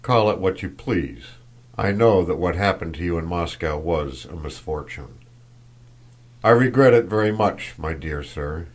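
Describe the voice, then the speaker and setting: A stern old Freemason traveler in a storybook reading, his deep voice deliberate, loud and grave, as a male narrator puts him on. Every phrase is weighed and carries a cold, fatherly authority. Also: lively intonation.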